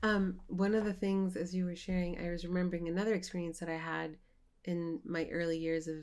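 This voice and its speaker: Woman co-hosting a mindfulness class, fairly low voice, tells stories with lots of energy and laughs. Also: fairly quick. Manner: animated, laughs while telling stories. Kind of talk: casual storytelling chat. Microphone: online video call.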